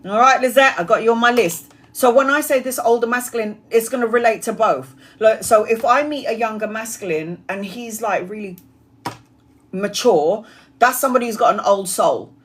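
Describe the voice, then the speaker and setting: A woman in her forties doing a live-stream tarot reading, chatty and blunt, swearing casually and rattling off card meanings in quick lists. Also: a little high, slightly rough. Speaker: tarot reader.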